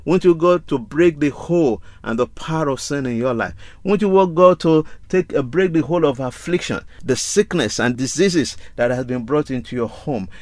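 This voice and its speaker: A man's voice: fairly high pitch, moderate pace, few pauses, darkish tone, dry recording. Emphatic male preacher, dry close sound. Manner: emphatic, rhetorical questions and repetition. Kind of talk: sermon.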